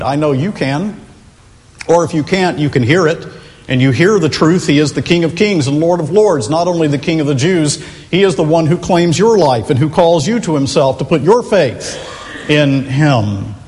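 A man preaching a sermon, earnest and emphatic, slowing and lifting his voice to stress key phrases. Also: a little high, darkish tone. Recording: long reverb of a large hall.

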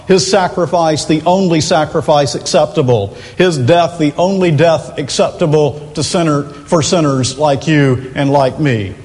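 Earnest preacher in a reverberant hall. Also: male voice, on the high side, a little mellow. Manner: earnest, emphatic, rises and slows for stress. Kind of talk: sermon. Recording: long reverb of a large hall.

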